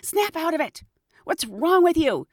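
Casting: woman playing a fed-up 95-year-old man, scolding, lively up and down, building to a loud rant, dry close sound. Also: very high-pitched, a little slow, no echo, pitched above the performer's own voice, exaggerated voice. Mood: indignant. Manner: exasperated, rising to a loud rant.

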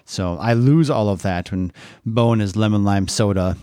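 A man's voice: lowish voice, normal speed, warm tone, smooth, dry recording, studio quality. A middle-aged man and father hosting a casual family podcast, teasing and rambling with restarts into a podcast microphone.

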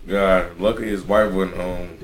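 Chill guy with a lowish voice, just chatting on a podcast, cussing here and there. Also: steady tone, normal speed, a little hiss or hum. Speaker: podcast co-host. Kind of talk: casual chat.

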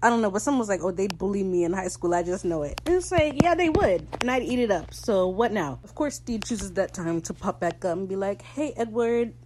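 Excitable, gushing woman recapping a show. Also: mid-range voice, quick pace, hardly any pauses, noisy background. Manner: excitable, swears freely, gushing fangirl asides. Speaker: podcast host recapping a TV episode. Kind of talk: casual recap monologue.

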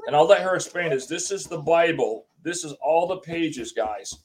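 A man from the USA, a guest on an interview show, telling his story in a rambling, animated way and acting out what people said. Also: a little high, moderate pace. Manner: rambling, acts out quotes, swears.

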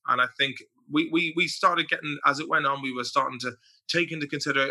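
An Irish man appearing as a podcast guest tells stories in casual conversation, swearing and acting out quotes. His voice is a little high and sharp, and he talks fairly quickly.

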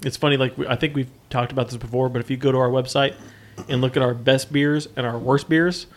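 A man's voice: mid-range voice, steady tone, fast. A man co-hosting a podcast, chatting casually and laughing while reviewing beer. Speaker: podcast co-host. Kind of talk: casual chat.

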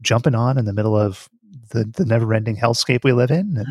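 A man's voice: medium pitch, quick pace, a little mellow, dry recording, clean studio sound. A man hosting a podcast, chatting casually with frequent laughs and swearing. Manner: laughing, rambling, profane. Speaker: podcast host.

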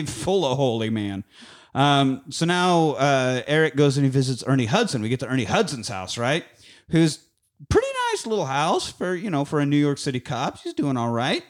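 A man's voice: a little high, very animated, normal speed. Male podcast host, profane and laughing, casual film recap with acted-out lines. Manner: swears a lot, laughs, acts out movie lines.

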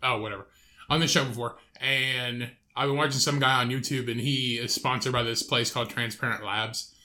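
A young man co-hosts a podcast with a teasing, joking delivery and plenty of swearing. His voice is bright and crisp, with a middle pitch. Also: fairly even intonation, fairly quick. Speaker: podcast co-host. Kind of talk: casual chat.

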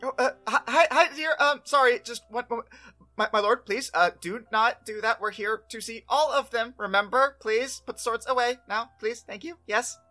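A game master voicing a panicky servant man who stammers and pleads in a high voice. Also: moderate pace, bright, forceful tone, soft background music, lightly acted. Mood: flustered. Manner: high-pitched, stammering, cries out.

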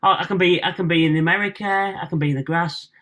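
A man's voice: a little high, steady tone, bright, forceful tone. Chatty young man with a Hull accent. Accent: Hull, Northern English. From Hull, England. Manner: quick, chatty, laughs often. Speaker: guest comedian. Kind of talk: casual podcast chat.

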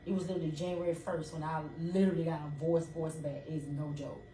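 A woman's voice: deep voice, little pitch movement, fast, dark tone. A woman co-hosting a casual faith talk, conversational and restarting her sentences often. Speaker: co-host. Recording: roomy, distant mic, faint noise.

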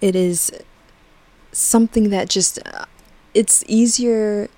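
A woman's voice: medium pitch, steady tone, slow pace, dark tone. A young woman hosting a podcast, chatting casually with lots of "like" and "um", light laughs and the odd swear word. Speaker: podcast host.

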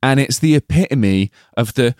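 A man's voice: mid-range voice, lively intonation, moderate pace, darkish tone, no echo, studio quality. A man co-hosting a comedy film podcast, swearing, joking and laughing often in casual chat. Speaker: podcast co-host.

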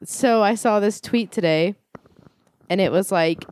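A woman's voice: medium pitch, measured pace, a little mellow. A woman co-hosting a casual comedy chat, sharing trivia facts in a playful, teasing way. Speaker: podcast co-host.

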